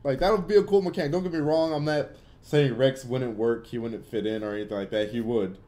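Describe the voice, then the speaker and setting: A man's voice: mid-range voice, fairly even intonation, brisk, warm tone. A young man hosting a casual gaming Q&A livestream, giving blunt opinions in loose, filler-heavy talk. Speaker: livestream host answering chat.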